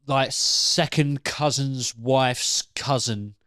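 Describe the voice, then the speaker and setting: A man's voice: medium pitch, extremely slow, a bit bright, dry recording, clean studio sound. A young man co-hosting a comedy debate podcast, telling rambling stories with plenty of swearing and laughter. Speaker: co-host. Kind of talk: casual comedy debate chat, anecdotes.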